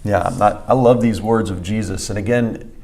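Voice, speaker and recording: A man's voice: on the low side, steady tone, normal speed, warm tone. A man co-hosting a church podcast, teaching conversationally and emphatically, repeating key phrases with frequent fillers. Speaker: pastor and podcast co-host.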